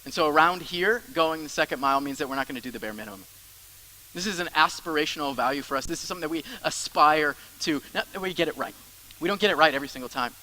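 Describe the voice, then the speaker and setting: A young male pastor preaching with a bright, forceful voice that sits a little high. He drives his points home with repeated phrases, then drops suddenly quiet for asides. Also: quick pace, low-quality recording. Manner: emphatic, with soft drops into grumbling asides. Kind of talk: sermon.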